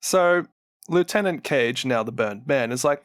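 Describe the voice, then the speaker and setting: A man's voice: medium pitch, expressive, measured pace, no echo, clean studio sound. A man with a New Zealand accent, co-hosting a podcast and animatedly retelling lore, laughing often and acting out what characters say. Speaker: podcast co-host.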